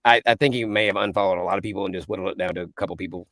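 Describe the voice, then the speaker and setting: A man's voice: deep voice, very fast, dry recording. A man, a voice actor, chatting as a guest in an interview and telling stories with plenty of laughs. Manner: animated storyteller, laughs often. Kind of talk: casual interview chat.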